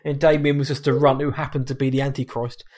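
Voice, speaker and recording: A man's voice: mid-range voice, level tone, fast talker, darkish tone. A man co-hosting a film podcast, casual chat that rambles and corrects itself, often laughing.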